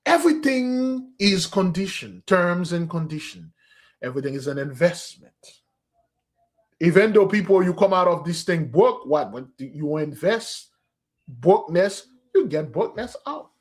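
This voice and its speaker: Man preaching in a fairly high voice. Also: expressive, measured pace. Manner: emphatic, calls listeners "beloved", slips into street slang. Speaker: spiritual teacher. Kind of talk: preaching address on a fasting day.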